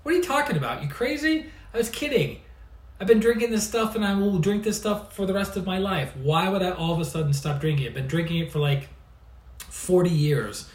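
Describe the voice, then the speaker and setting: A man's voice: a little high, brisk, a little mellow, natural voice. Man doing an incredulous middle-aged friend. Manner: exclaiming, mock-outraged. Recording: roomy sound, mic at a distance.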